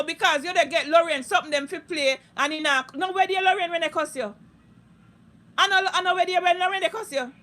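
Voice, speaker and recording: A woman's voice: very high voice, pushed and bright. A Jamaican woman streaming live on social media, delivering a heated, profane, repetitive rant in thick Patois.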